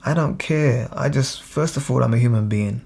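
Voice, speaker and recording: A man's voice: medium pitch, moderate pace, creaky, a little mellow, breathy edge. A man with a London accent, speaking in a reflective, casual monologue with frequent restarts and quoted voices. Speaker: speaker on identity.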